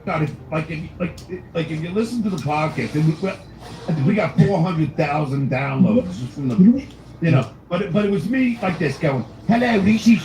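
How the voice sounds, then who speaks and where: A man telling a story in a casual podcast chat, lively and swearing often. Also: on the high side, normal speed, reverberant, poor audio.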